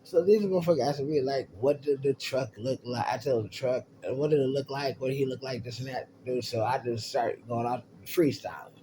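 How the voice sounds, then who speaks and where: A man tells a long story in a loose, profane way and jumps into the voices of the people in it as he goes. His voice sits at a middle pitch for a man. There is a faint hiss of noise under the recording. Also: a little fast, hardly any pauses. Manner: profane, animated storyteller acting out others' lines. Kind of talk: casual storytelling.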